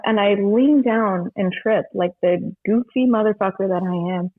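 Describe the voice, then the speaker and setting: A woman guest chatting casually about her bartending work, animated, laughing often and swearing freely. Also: mid-range voice, moderate pace, hardly any pauses. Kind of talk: casual chat. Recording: tinny phone-like line.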